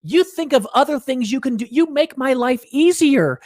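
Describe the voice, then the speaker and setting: A man's voice: very high-pitched, animated, moderate pace, a little mellow, no echo, studio quality, pitched above the performer's own voice. A man acting out a grateful boss who praises an employee with enthusiasm. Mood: enthusiastic. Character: admiring, grateful male boss.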